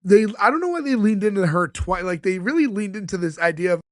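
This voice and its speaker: A man's voice: high-pitched, lively intonation, no echo, clean studio sound. A man co-hosting a podcast, casually recapping an episode's scenes and quoting the characters. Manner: retells scenes, quoting characters in quick bits. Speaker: podcast co-host.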